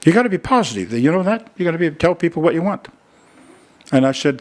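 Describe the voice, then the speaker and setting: Making a fundraising appeal from the pulpit, an older man tells folksy stories and trades chatty asides with his congregation during a church sermon. He speaks briskly and very animatedly, with a fairly high pitch.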